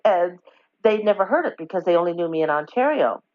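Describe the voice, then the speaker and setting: A woman from Newfoundland with a softened Newfoundland accent, a podcast host who chats quickly and casually. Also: fairly low pitch, animated. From Change Islands, Newfoundland. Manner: chatty and quick, laughing between thoughts. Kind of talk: casual chat. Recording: dull lo-fi audio.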